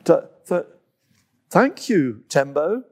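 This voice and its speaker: A man voicing a cheeky, excitable little female jungle animal who stammers when she feels guilty. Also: a little high, slow pace, heavily acted. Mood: contrite.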